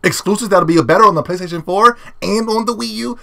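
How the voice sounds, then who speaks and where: A young man ranting about video games as a YouTuber, brash, boastful and profane, swinging between loud yelling and low muttering. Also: fast, gravelly. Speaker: gaming YouTuber.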